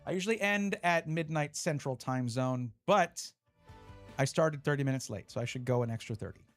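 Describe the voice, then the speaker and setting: A man's voice: mid-range voice, moderate pace, a bit bright, faint music behind. A man live-streaming, chatting casually and reading out viewer messages as he opens card packs. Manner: chatty, reads chat aloud, restarts often.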